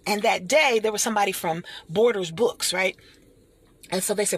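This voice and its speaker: A middle-aged woman delivers a motivational talk with a preacher's rhythm, calling her listeners honey and y'all. Her voice is husky and a little gravelly, with a bright, forceful edge. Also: mid-range voice, normal speed. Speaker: motivational speaker.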